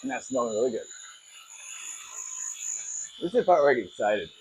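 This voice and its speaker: Chatty, excitable man cooking at home. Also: medium pitch, brisk, a little hiss or hum. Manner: chatty, excitable, self-mocking. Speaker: cooking vlogger. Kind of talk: casual cooking demo. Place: home kitchen.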